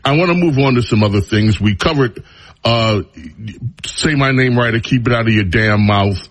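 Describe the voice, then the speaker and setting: A man's voice: medium pitch, moderate pace. A male radio talk show host giving an opinionated, mocking monologue. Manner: mocking, drawling, animated.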